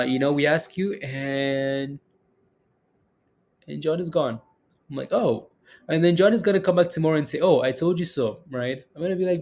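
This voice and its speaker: A man casually chatting with his livestream audience about crypto prices, answering comments and often tagging his sentences with "right?". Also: on the high side. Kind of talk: casual chat reading live comments.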